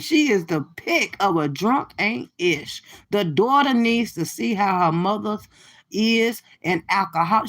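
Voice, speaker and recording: A woman's voice: mid-range voice, lively intonation, measured pace, a bit bright. A woman hosting a casual reaction livestream, delivering profane, sassy trash talk straight to her viewers. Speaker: livestream host.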